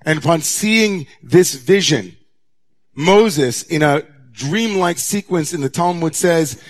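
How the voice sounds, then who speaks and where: A man, a rabbi, preaching a sermon to his congregation, moving from hushed near-whispers to raised, intense passages. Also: high voice, slow pace. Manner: dramatic, swings from hushed to raised voice.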